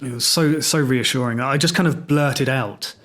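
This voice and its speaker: A man's voice: medium pitch, moderate pace, fairly bright tone. English man, solo podcast host, wry and reflective storyteller, mid-range voice. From England. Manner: reflective, wry, self-deprecating.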